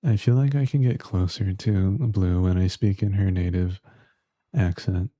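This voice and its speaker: A man's voice: low voice, fairly even intonation, measured pace, dark tone, dry recording. A man streaming live, bantering jokingly with chat and muttering to himself while he plays.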